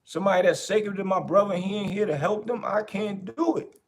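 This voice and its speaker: A podcast host talking in a casual, animated way, repeating his points for emphasis. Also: high-pitched, brisk. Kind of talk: casual commentary.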